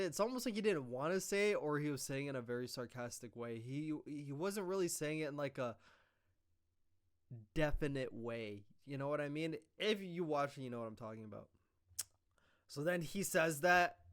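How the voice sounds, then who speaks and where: A man casually recapping a wrestling show, rambling, swearing and acting out quoted lines. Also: a little high. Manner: rambling, profane, animated retelling with quoted lines.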